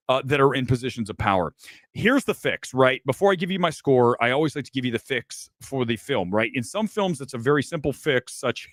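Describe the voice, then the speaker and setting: A man's voice: medium pitch, a bit bright, dry recording. A man hosting a live movie review show, delivering a brash, emphatic, self-assured monologue full of rhetorical asides.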